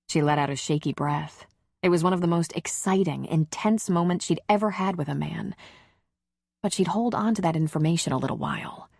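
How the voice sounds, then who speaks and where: Husky low-voiced woman narrating. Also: brisk, a little mellow, no room sound, studio quality. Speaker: audiobook narrator. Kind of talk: scripted romance audiobook narration.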